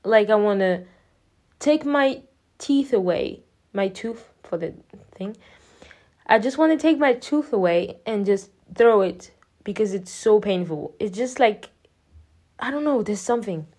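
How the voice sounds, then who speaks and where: Young woman, vlogger, rambling and chatty, soft mellow tone, middling pitch. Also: animated. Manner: chatty and rambling, full of "like" and quick laughs. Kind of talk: casual personal storytelling.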